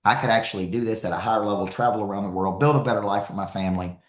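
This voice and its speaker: An energetic man delivering a motivational talk to a live crowd, his voice sitting fairly low. He hammers points home by repeating them, and the sound rings around a roomy, echoing hall. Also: racing. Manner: energetic, emphatic, repeats himself for effect. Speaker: motivational speaker and coach.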